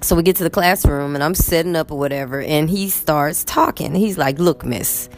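A woman teacher with a Texan accent telling a story in a casual, animated vlog from her bed. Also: deep voice, a little fast, soft background music. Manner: animated, chatty, acts out quotes. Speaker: English teacher. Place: in bed at home.

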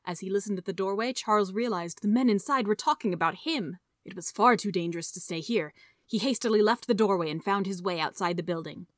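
A woman reading a story aloud in a steady, measured narration. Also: mid-range voice, no room sound, clean studio sound. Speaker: audiobook reader.

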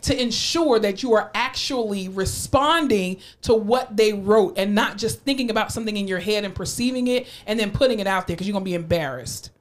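A woman's voice: mid-range voice, brisk, hardly any pauses. A woman with a South Florida accent co-hosting a podcast, talking in a sassy, emphatic way with a slight drawl. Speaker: podcast co-host. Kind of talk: casual chat.

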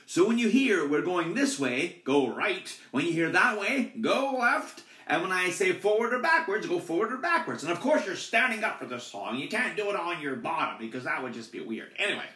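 A man's voice: a little high, very animated, fairly quick, hardly any pauses. A man hosting a children's podcast, chatting to kids and explaining the actions for a song. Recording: roomy recording with loud guitar.

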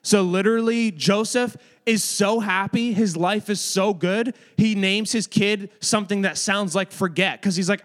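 A man's voice: sits high, fairly even intonation, unhurried, few pauses, a bit bright. A man giving a casual, chatty Bible lesson to a room of kids, talking to them directly. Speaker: youth or kids' ministry teacher. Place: room with children.

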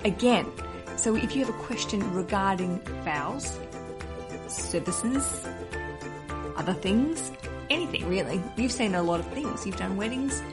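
An Australian woman in her young adult years hosts a casual podcast, bubbly and chatty. She tosses in quick asides as she talks, with faint music running underneath. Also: mid-range voice, lively intonation. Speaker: podcast host.

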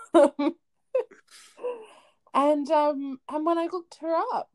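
A woman's voice: high voice, steady tone, drawn-out words. A woman co-hosting a podcast, telling a story in casual chat and often laughing. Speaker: podcast co-host.

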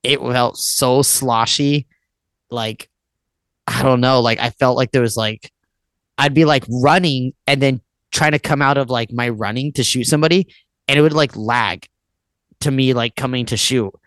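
A man's voice: mid-range voice, normal speed, fairly bright tone, dry recording. Guy in his 30s, music guest rambling on, swears a ton, says like constantly, dry close sound. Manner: rambling, swears often, fills with "like". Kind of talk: casual podcast chat.

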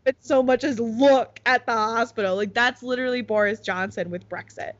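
A young American woman hosts a podcast, talking at a normal speed in a slightly high, steady voice. Her chatty delivery is packed with "like" fillers, and the recording sounds a bit muffled.

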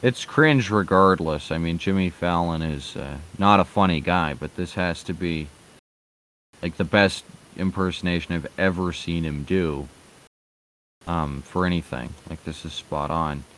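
Low-voiced sarcastic male commentator. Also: measured pace, fairly bright tone, a little hiss or hum. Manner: hesitant, sarcastic, swears, many fillers. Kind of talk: casual commentary.

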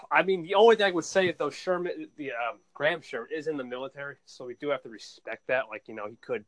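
A young man chatting excitedly on a podcast, laughing and repeating words as he tells stories. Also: a little high, fast talker, low-quality recording. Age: young adult. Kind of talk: casual chat.

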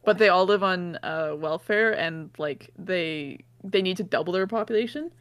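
A woman's voice: fairly low pitch, normal speed, clear, resonant tone. A young woman co-hosting a podcast, telling a made-up plot in a rambling, giggly way with lots of fillers. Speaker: podcast co-host. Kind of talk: casual chat.

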